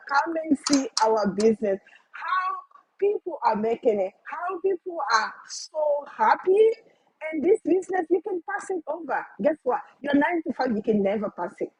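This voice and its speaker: A mother of five giving an excited, effusive testimonial on a video call, often repeating herself. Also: high-pitched, dry recording, rough recording. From Canada. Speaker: guest business partner.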